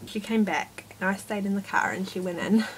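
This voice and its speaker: A woman's voice: mid-range voice, fairly even intonation, brisk, slight background noise, poor audio. A woman vlogger telling a rambling, exasperated storytime about her day, self-mocking as she goes. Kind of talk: casual storytime monologue.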